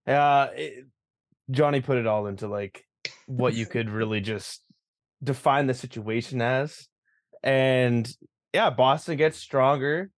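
A man's voice: medium pitch, slow pace, dry recording. A young man with a mid-range voice gives laid-back, slightly hesitant takes in a casual sports chat. His voice sounds dry and close to the mic. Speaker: podcast panelist.

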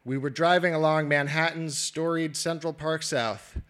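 A man reading his own prose aloud at a live literary reading, measured and wry. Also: fairly high pitch, steady tone, fairly bright tone.

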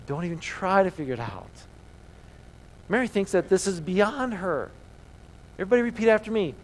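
A man's voice: sits high, sing-song, normal speed, long pauses, slight background noise, poor audio. A man preaching a sermon to his congregation, talking emphatically and firing off repeated rhetorical questions. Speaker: pastor. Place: church service with congregation.

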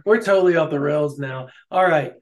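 A man co-hosting a casual sports chat, jokey and excitable, often laughing. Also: on the high side, brisk. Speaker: sports podcast co-host.

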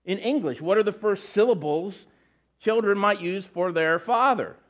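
A middle-aged male pastor delivers a sermon in a loose, conversational manner. He restarts phrases and drops in asides as he explains, his voice sitting a little higher than most men's. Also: normal speed.

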